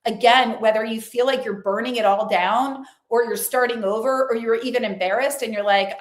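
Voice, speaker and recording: A woman's voice: fairly high pitch, fairly quick, few pauses. Woman vlogger, earnest and chatty, talking to camera in an echoey room. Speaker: lifestyle and faith vlogger. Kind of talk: casual motivational talk to camera.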